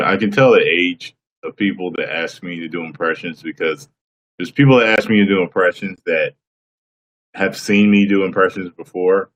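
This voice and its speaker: A man's voice: deep voice, lo-fi sound. A man chatting casually with his live-stream viewers, reading their names and laughing often. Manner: laughs often, answers chat by name.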